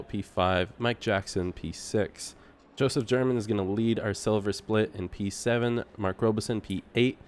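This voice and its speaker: A man doing live sim racing commentary, relaxed and laughing often, tripping over driver names. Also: mid-range voice.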